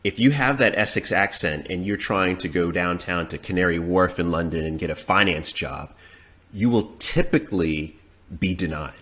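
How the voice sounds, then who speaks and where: A man's voice: low-pitched, normal speed, fairly bright tone. A man, a guest on a podcast, talking in casual chat and repeating words as he searches for his point. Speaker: podcast guest, dating expert.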